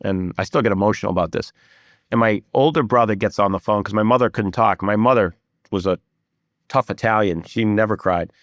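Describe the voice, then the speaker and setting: A man's voice: lowish voice, fairly quick, dry recording, studio quality. Candid man telling a personal story. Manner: candid, emotional storytelling with fillers. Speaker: guest, private equity investor. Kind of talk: storytelling in an interview.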